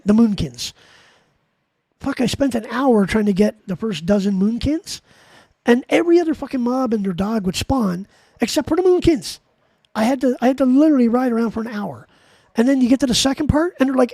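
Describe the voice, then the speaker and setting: A man streams live and rants at his chat in a heated, profane, rambling way, restarting again and again. His voice is high-pitched and mellow, captured dry with no echo on a desk mic while he games.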